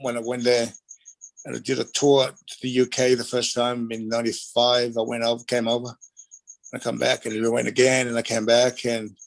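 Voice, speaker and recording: A man, a middle-aged Australian, rambles through stories from his wrestling days in a chatty interview. His voice has a gravelly rasp at medium pitch. He slips into playful impressions of the people in his tales. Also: poor audio. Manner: rambling, animated, acts out voices in anecdotes. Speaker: guest, retired wrestler. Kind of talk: casual storytelling interview.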